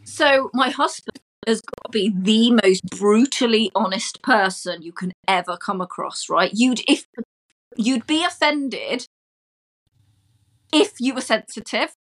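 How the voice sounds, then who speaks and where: A woman's voice: fairly high pitch, expressive, measured pace. A woman guesting on a podcast, telling stories in a chatty way and laughing as she talks. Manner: chatty storyteller, laughs while talking. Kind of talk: casual chat.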